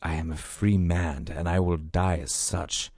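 A man's voice: mid-range voice, lively intonation, unhurried, no room sound, clean studio sound, natural voice. A man voicing a proud older prisoner who defiantly demands his release. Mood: quiet. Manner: defiant, commanding.

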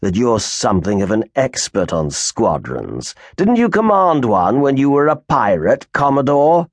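A man's voice: medium pitch, huge pitch swings, unhurried, no room sound, studio quality. A man doing a sneering haughty naval officer. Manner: sneering, condescending.

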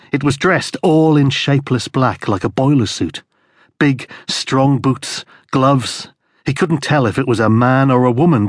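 A man reading a crime thriller audiobook as narrator, in steady, grim storytelling. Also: mid-range voice, slightly rough, no echo, clean studio sound. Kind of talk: scripted narration.

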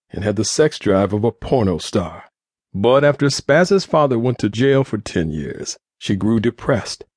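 A man narrating an audiobook in a steady, even storytelling manner. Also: medium pitch, dry recording, clean studio sound.

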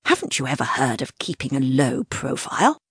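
An eager, well-mannered aristocratic gentleman detective from a children's audiobook, voiced by a woman. He sounds quick and cordial, with a low, slightly husky tone. The recording is close and dry. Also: big pitch swings, no room sound, heavily acted. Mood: hushed. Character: aristocratic young gentleman detective, lively and brisk.

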